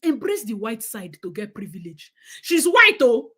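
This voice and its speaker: A woman's voice: on the high side, sing-song, normal speed, sharp tone, slightly rough. A woman from Nigeria with a Nigerian accent, hosting a live stream and giving emphatic, opinionated commentary to her viewers, slipping into Nigerian Pidgin.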